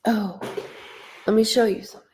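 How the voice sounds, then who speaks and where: A woman's voice: medium pitch, fairly even intonation, fairly quick, a little mellow, a little hiss or hum. A woman working as a psychic medium on a casual live stream, talking straight to the viewer in a blunt way and swearing freely.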